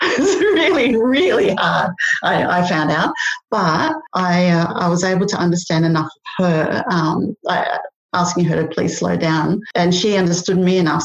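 A woman's voice: lowish voice, lo-fi sound. A woman, a podcast guest telling stories in a chatty way, laughing often and using many fillers. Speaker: podcast guest, language learner. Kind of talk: casual storytelling.

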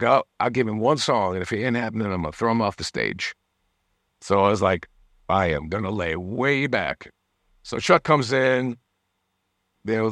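A man's voice: lowish voice, fairly bright tone, no echo. A man telling a story as a guest musician in a casual interview, acting out the people he quotes and laughing often. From United States.

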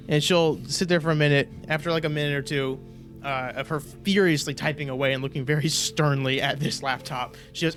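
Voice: mid-range voice, steady tone, a little fast, fairly bright tone, faint music behind. A game master narrating a tabletop role-playing game. The telling rambles and doubles back, and chuckles often break into it.

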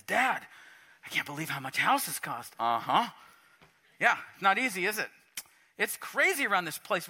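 A middle-aged man preaching a sermon in a church, animated and swinging between quiet talk and shouts. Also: a little high. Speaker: pastor. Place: church sanctuary.

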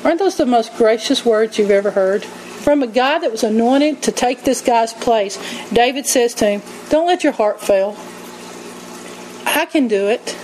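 A woman preaching a sermon, telling stories in an animated way and acting out quotes. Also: sits high, moderate pace, slight background noise, low-quality recording. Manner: animated storytelling, acts out quotes, laughs often.

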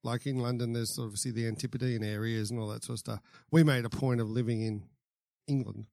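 Gravelly Australian man, dry close sound. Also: mid-range voice, steady tone, fairly quick, warm tone, no echo. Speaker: podcast host. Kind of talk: casual interview chat.

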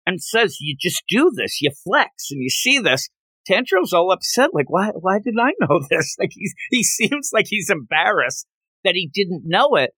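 A man's voice: high voice, sing-song, moderate pace, bright, forceful tone, no echo. A man co-hosting a podcast, recapping a manga chapter in casual chat and acting out the characters' lines. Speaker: podcast co-host.

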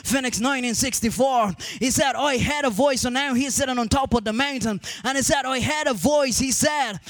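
High-pitched gravelly preaching man. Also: normal speed, hardly any pauses, dry recording. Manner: sing-song preaching cadence, builds to shouting; repeats words and restarts. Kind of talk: sermon storytelling.

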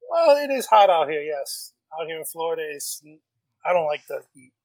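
A man's voice: a little high, big pitch swings, normal speed, no echo, poor audio. A man in his forties from the Bronx with a slight New York accent, chatting easily as a podcast guest. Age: 40s. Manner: laid-back, laughs often. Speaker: podcast guest, reptile breeder. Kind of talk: casual chat.

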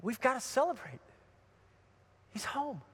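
A man's voice: extremely high pitch, big pitch swings, measured pace, a bit bright, breathy edge, heavily acted. A man preaching and voicing a forgiving father who greets his lost son with joy, in an echoey hall. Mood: tender. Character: overjoyed forgiving father, middle-aged man.

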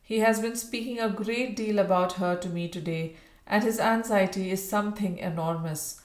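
A woman's voice: mid-range voice, close to an everyday voice. A woman voicing a fussing Victorian wife. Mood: animated. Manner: emphatic, quick to exclaim. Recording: roomy echo.

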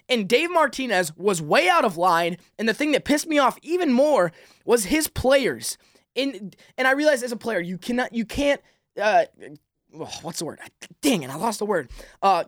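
A man's voice: sits high, fairly bright tone, no room sound, studio quality. A man hosting a sports podcast, delivering an exasperated weekly rant with frequent restarts. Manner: heated, exasperated, many restarts. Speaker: podcast host.

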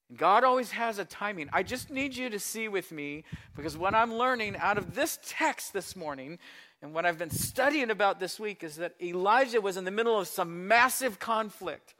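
Male pastor, sermon delivery, high bright voice, dramatic swings from loud to hushed. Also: lively intonation, normal speed. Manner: acts out Bible voices, shifts between loud pleading and soft hushed tones.

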